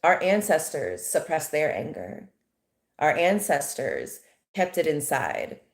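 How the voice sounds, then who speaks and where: American woman, lowish voice, emphatic, indignant, roomy echo. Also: big pitch swings, takes it slowly. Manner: emphatic, indignant, rhetorical questions. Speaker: commentator. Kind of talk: impassioned monologue.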